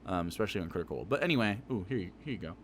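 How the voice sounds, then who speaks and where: Animated, swearing male streamer. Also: low-pitched, rapid-fire, a little hiss or hum. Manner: profane, laughing, talks back at the video. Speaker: streamer reacting to a video. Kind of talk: live reaction commentary.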